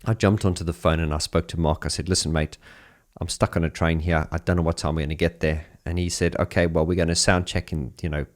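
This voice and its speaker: An Englishman with a very low voice tells a story from his touring life. He talks in a chatty, animated way, with quick restarts and bursts of laughter. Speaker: keyboard player. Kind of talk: telling an anecdote.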